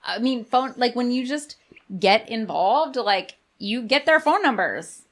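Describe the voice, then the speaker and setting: Creaky-voiced woman podcast host. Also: a little high, animated, measured pace. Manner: chatty, blunt, many fillers and restarts; sarcastic about politicians. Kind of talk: casual podcast chat.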